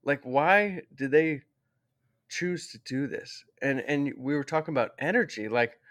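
A man's voice: fairly high pitch, a little slow, fairly bright tone. A man who is a guest on an interview show, telling a story in a rambling, heartfelt way and often correcting himself.

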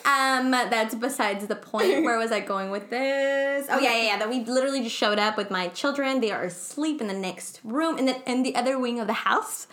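Young woman cohost rambling thru a story, bright voice, lots of ums. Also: on the high side, moderate pace, hardly any pauses. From not from the U.S. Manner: rambling, giggly storytelling with many fillers. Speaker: podcast co-host. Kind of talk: casual chat.

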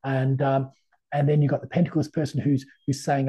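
A man's voice: mid-range voice, monotone, fairly quick, dark tone, husky. A middle-aged man, a tarot reader guesting on an interview, talking in a chatty, anecdotal way with many fillers. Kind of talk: casual interview conversation.

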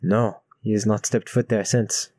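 A man's voice: fairly low pitch, fairly even intonation, measured pace, mellow, no echo. A man voicing a grave young man in a tabletop role-play, with a put-on African accent that drifts French and formal speech. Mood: dry. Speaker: player voicing his character.

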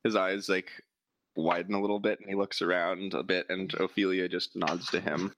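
A man narrating as game master of a tabletop role-playing game, relaxed and chuckling as he describes scenes. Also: low-pitched, moderate pace, a little hiss or hum, rough recording.

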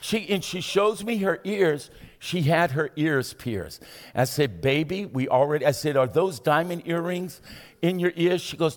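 A man preaching a sermon as pastor, building to shouted emphasis and asking the congregation to respond. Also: a little high, expressive, a little slow, long reverb tail.

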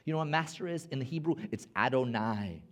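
A man's voice: medium pitch, expressive, a little fast. A man preaching a sermon as pastor, emphatic, repeating words and rallying his listeners.

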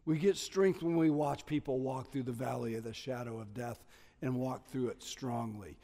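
A man preaching a sermon as pastor, stressing key words loudly and dropping to quiet asides. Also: mid-range voice, moderate pace, gravelly, in a large hall. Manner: emphatic, swings between loud stresses and quiet asides.

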